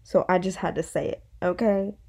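A woman's voice: fairly low pitch, steady tone, moderate pace, darkish tone, lightly acted. A young woman voicing a blunt, sassy girl who scolds her for worrying.

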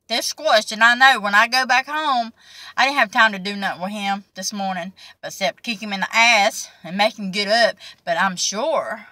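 A woman's voice: medium pitch, sharp tone, no echo. A woman vlogger, chatting casually to her viewers and telling an exasperated story. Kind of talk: casual chat to camera.

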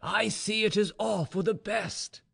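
A man's voice: high-pitched, lively intonation, a little slow, gravelly, breathy edge, voice pushed up, exaggerated voice. A man voicing a fond, smiling old army general speaking to his daughter in a genial, coaxing way. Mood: cheerful.

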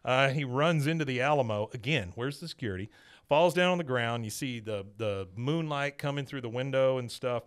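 A man hosting a podcast, giving a casual, animated scene-by-scene recap of an episode. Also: medium pitch, fairly quick, smooth. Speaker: podcast host.

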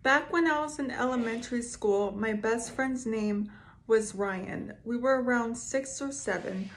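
A woman casually reading scary stories aloud to her viewers, stopping for quick reactions between passages. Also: on the high side. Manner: slow, reads aloud with asides and reactions. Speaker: storyteller reading creepy stories.

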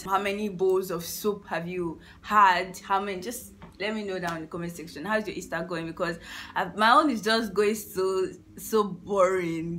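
A young Nigerian woman with a Nigerian accent chatting in a casual vlog at home, drifting from sleepy mumbles to excited outbursts. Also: on the low side, a little hiss or hum. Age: young adult. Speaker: vlogger. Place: at home, indoors.

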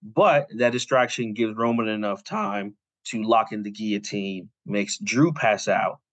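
A young adult man with a fairly low voice tells a long story in a loose, rambling way, dropping "like" into nearly every line. His voice is recorded close and dry, with almost no room sound. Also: unhurried, a bit bright, no echo, rough recording. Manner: rambling, heavy on "like" fillers. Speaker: podcast co-host. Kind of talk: casual storytelling recap.

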